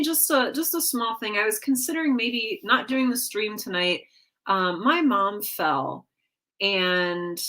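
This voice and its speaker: A woman's voice: mid-range voice, fairly bright tone. A woman hosting a casual weekly livestream from home, chatting with her viewers in a rambling way, full of fillers and self-corrections. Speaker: livestream host. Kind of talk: casual chat with a live audience.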